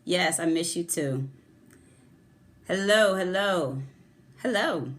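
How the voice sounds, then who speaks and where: A woman's voice: lowish voice, lively intonation, takes it slowly, fairly bright tone. A middle-aged woman and former therapist hosting a live-streamed motivational talk, effusively greeting viewers by name before her topic. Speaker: host of a motivational livestream. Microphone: phone camera.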